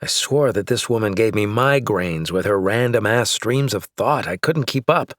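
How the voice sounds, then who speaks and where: A man narrating a novel in the first person, measured and wry. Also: fairly low pitch, animated, no room sound, clean studio sound. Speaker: audiobook narrator.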